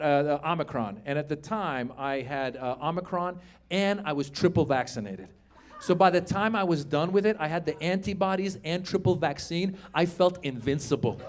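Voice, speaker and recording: A man in his fifties performing stand-up comedy, chatting with the crowd and shouting his punchlines. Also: on the high side, a little hiss or hum. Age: 50s. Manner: animated, shouts punchlines, acts out voices.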